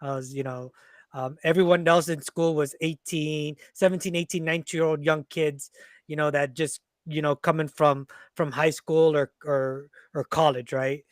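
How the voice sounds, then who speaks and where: A man's voice: fairly high pitch, steady tone, normal speed, smooth, no room sound, studio quality. A man who co-hosts a podcast and served in the Navy, talking in a reflective, casual way with many fillers. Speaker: podcast co-host, Navy veteran. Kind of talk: casual conversation.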